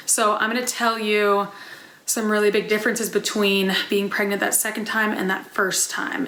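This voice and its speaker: A woman's voice: medium pitch, bright, forceful tone. A young woman talking candidly to her channel in a casual personal vlog, often acting out what she said to herself. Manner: chatty and candid, with quoted self-talk. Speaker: vlogger. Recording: echoey room.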